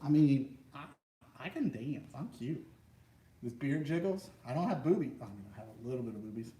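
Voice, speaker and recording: A man's voice: medium pitch, expressive, moderate pace, warm tone. A man hosting a casual chat, joking and goofy in his banter. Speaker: host. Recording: echoey room, mic far off, faint noise.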